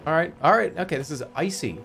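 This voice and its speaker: An excitable man streams a video game with running, self-mocking commentary. His pitch swings lively from line to line, and he repeats phrases in quick bursts. Steady noise sits behind his voice. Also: creaky. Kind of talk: live gameplay commentary. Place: home streaming setup.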